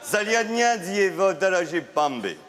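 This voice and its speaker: Mock-foreign comrade: babbling, chanting, long hall echo. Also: male voice, high voice, sing-song, moderate pace. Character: excitable Eastern European comrade babbling mock language. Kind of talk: live sketch comedy. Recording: echoey hall, noisy.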